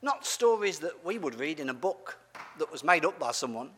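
A man's voice: a little high, sing-song, normal speed, bright, forceful tone, slightly rough, long reverb tail. A man giving a playful, family-friendly sermon as a preacher, asking his audience questions as he goes.

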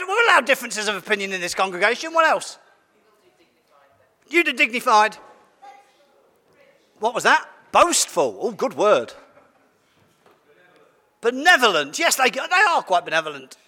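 Lively high-voiced man preaching playfully. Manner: playful, bantering with the congregation. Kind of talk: interactive sermon. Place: large church. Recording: long church hall reverb.

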